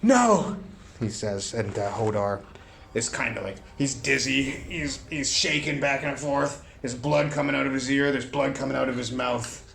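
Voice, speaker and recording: A man narrating a solo tabletop game, rolling dice aloud and breaking into shouted play-by-play. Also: mid-range voice, flat delivery, moderate pace, creaky, slight background noise.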